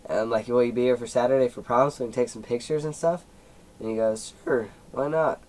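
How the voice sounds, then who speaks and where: A man's voice: medium pitch, quick pace, darkish tone, rough recording. A seventeen-year-old young man telling a personal story in a casual vlog, rambling with many fillers and at times emotional. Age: teens. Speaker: YouTuber.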